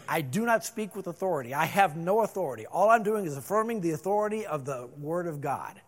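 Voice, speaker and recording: A middle-aged male pastor preaching a sermon, moving between loud emphasis and hushed calm. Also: on the high side.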